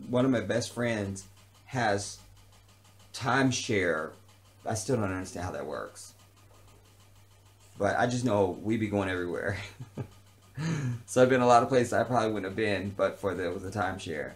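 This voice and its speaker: A man delivering an unscripted vlog rant in a heated, profane, emphatic way, often repeating a phrase for emphasis. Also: fairly low pitch. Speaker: vlogger. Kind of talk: unscripted ranting monologue.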